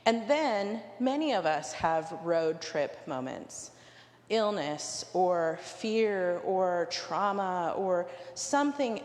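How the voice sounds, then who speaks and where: Woman preacher telling a road trip story in church, lots of echo, mid pitch, does little voices for the quotes. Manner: animated storyteller acting out quoted dialogue. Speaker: canon preaching at a cathedral. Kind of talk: sermon with personal storytelling. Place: large cathedral. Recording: roomy hall with long reverb.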